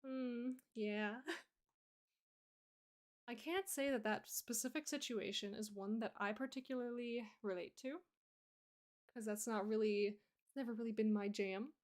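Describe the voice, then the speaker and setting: A woman's voice: a little high, unhurried, long pauses, a little mellow. A woman streamer chatting casually and rambling as she answers her chat, sleepy and yawning. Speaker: artist streamer.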